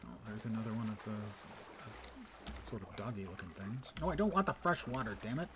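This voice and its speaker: A man's voice: on the low side, animated, brisk, noisy background. A man streaming a game live, talking wryly to himself and reading quest text aloud. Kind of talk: casual live gameplay commentary.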